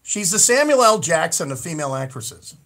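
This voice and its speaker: A high-pitched man hosts a casual radio talk show. He talks in an animated, rambling way and trips over and repeats his words. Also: a little fast.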